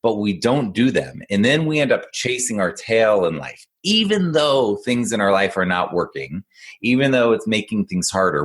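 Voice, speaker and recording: A man with a very low voice talks through ideas as an executive function coach on a casual podcast. He explains patiently and encouragingly, and tells stories in an animated way.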